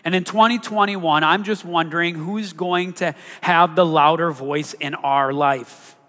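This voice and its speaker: Pastor guy preaching, kinda high voice, punches key words, long echo from the hall. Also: fairly even intonation, measured pace, pushed and bright. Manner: emphatic, rising on key words, asks the congregation questions. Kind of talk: sermon. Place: church sanctuary.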